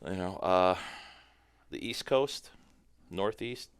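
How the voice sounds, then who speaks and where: A man chatting as a firearms trainer guest on a podcast, telling animated, profane stories. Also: sits low, takes it slowly, smooth, no echo. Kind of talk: casual podcast chat.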